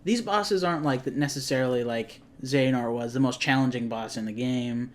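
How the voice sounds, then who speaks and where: A man's voice: mid-range voice, fairly quick. A young man co-hosting a casual gaming chat, rambling and often correcting himself mid-sentence. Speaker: co-host. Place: garage.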